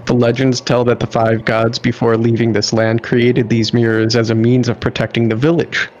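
Dude reading game notes out on a stream, kinda muffled lo-fi mic. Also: male voice, medium pitch, monotone, normal speed, darkish tone, a little hiss or hum. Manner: reads game notes aloud steadily. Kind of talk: casual gaming chat.

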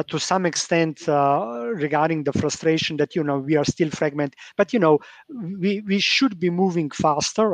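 A man's voice: high-pitched, dry recording. A man on a policy panel who talks hesitantly, with many fillers and restarts. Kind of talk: panel discussion.

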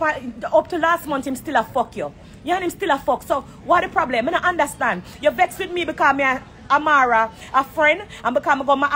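A woman's voice: sits high, bright, forceful tone. A woman with a Jamaican accent in a heated, blunt live-stream rant from an airport corner, talking into her phone. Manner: confrontational, blunt, profane. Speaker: dancehall artist on a live stream.

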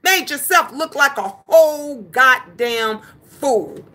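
High, bright-voiced woman livestreamer. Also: takes it slowly. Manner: animated and emphatic, repeating lines for effect; profane, scolding trolls. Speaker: livestream host. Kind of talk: casual livestream chat, answering viewers.

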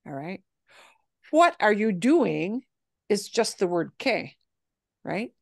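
A woman teaching a language class, explaining phrases patiently and modeling them slowly. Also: mid-range voice, very animated, gravelly, no echo, studio quality. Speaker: Spanish teacher.

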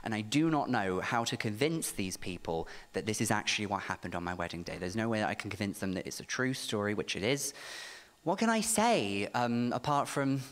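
A man in his thirties performing stand-up comedy on a club stage with a mic, camp, animated and self-mocking. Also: on the low side, a little fast. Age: 30s. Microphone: stage microphone.

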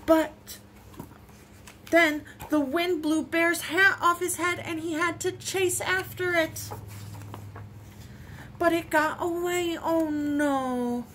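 High-voiced woman reading a picture book. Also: slow, pauses often, a little hiss or hum. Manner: expressive, lilting. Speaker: storytime reader. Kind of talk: reading picture books aloud.

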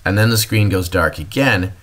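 A man's voice: low voice, normal speed, a bit bright. A man giving a recorded history lecture, explaining to students and addressing them directly.

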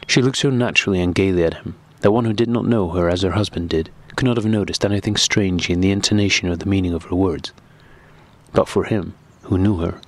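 A man narrating a classic novel as an audiobook in a steady, even reading. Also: low-pitched, dry recording.

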